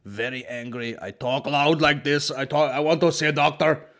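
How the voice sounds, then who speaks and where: A man putting on a stern Eastern European man's voice, talking loud and slow in broken English. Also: fairly high pitch, steady tone, voice pushed up. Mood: gruff. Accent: put-on Eastern European.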